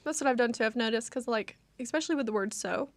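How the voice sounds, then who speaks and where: A woman's voice: a little high, fast, no room sound. A young woman, co-hosting a casual chat and talking with lots of fillers. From United States. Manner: chatty, lots of fillers and laughter. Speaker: co-host.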